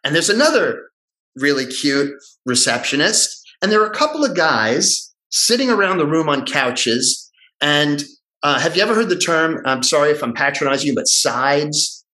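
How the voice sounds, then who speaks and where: In a casual conversation, a middle-aged guest actor animatedly tells a story and performs the voices of the people in it. His voice is fairly high and his speed normal, though the audio quality is poor.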